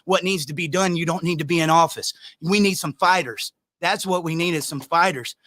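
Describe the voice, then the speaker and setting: A man hosting a podcast, delivering an impassioned, fiery rant with shouted, repeated lines. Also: a little high, brisk, dry recording. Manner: fiery, shouting, preacher-like repetition. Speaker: podcast host.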